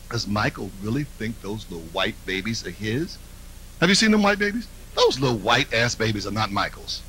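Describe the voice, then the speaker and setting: A man's voice: lowish voice, fairly bright tone, a little hiss or hum, rough recording. A man performing a live stand-up routine, brash and mocking, with confiding asides to the crowd. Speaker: stand-up comedian. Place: comedy stage.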